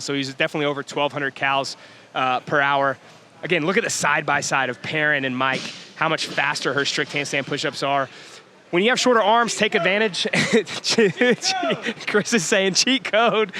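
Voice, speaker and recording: Bright-voiced man doing gym commentary. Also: fairly high pitch, a little hiss or hum. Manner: energetic, chatty, laughs often. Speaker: workout commentator. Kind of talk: live workout commentary.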